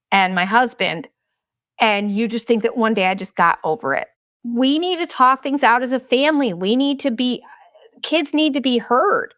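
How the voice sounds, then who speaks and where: A woman's voice: on the high side, fairly bright tone, no room sound. Casting note: frank woman in her thirties, blunt and candid, swears freely, dry close sound. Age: 30s. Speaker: podcast host. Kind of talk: candid personal monologue.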